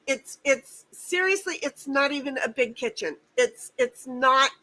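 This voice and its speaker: A woman's voice: high voice, lively intonation, a little slow, few pauses, bright, forceful tone, poor audio. A woman hosting a casual livestream from home, venting angrily and swearing, often repeating herself. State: angry and upset. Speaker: stream host.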